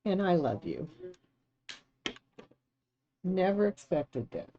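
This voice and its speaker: Very animated yet unhurried, a woman with a lowish voice crafts on a live stream, chatting casually, reading chat and thanking viewers warmly until she grows teary. The audio is dull with a little hiss or hum, captured through a streaming setup, not a phone.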